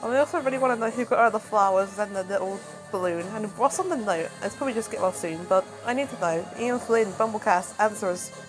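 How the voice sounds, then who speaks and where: A woman reviewing a comic book, recapping it in a chatty, animated casual way. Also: mid-range voice, fast talker, few pauses, soft background music, rough recording.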